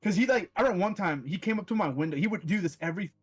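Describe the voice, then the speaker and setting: A man's voice: sits high, very fast, breathy edge. A young man in casual chat, telling rowdy stories with lots of swearing and acted-out quotes. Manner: animated storyteller, swears a lot, acts out quotes.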